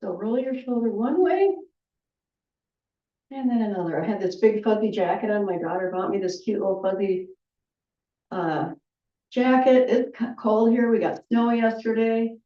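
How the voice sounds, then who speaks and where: Woman, qigong instructor, calm breath cues, roomy room, dull distant sound. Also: medium pitch, moderate pace, pauses often. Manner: calm, cueing breaths, chatty asides. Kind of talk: guided movement class.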